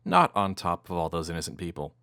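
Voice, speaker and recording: Man, very low voice, dry close sound, casual role-play player, easygoing. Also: big pitch swings, brisk, sharp tone, dry recording.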